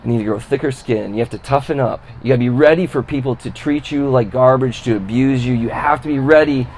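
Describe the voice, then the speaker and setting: A man's voice: medium pitch, brisk, darkish tone, slight background noise, natural voice, low-quality recording. A man quoting an older male minister with a Southern accent, giving stern advice in a drawl.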